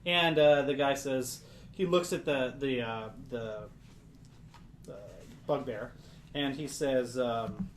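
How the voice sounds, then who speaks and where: A man's voice: mid-range voice, slow, pauses often. A man narrating a tabletop game as game master, rambling with many restarts. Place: studio room. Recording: echoey room with faint noise.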